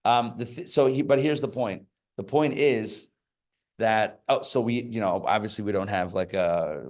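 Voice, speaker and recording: Guy rabbi teaching a class live, super casual and chatty, lots of um and uh and little jokes. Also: mid-range voice. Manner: chatty, joking asides, many fillers and restarts. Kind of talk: casual Torah class with stories. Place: live class before an audience.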